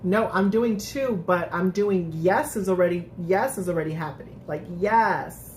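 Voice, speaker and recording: A woman's voice: lowish voice, moderate pace, darkish tone, a little hiss or hum. A woman hosting a casual live-stream recap, chatting with viewers, laughing often and restarting her sentences. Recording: echoey room.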